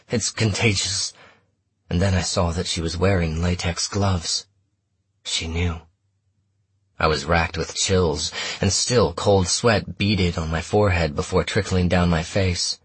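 A man narrating a first-person story in a measured, steady audiobook reading. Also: sits low, breathy edge, no echo.

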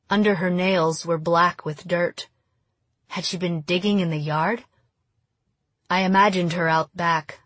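A woman narrating a first-person audiobook in an even, storytelling manner. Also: fairly low pitch, no echo.

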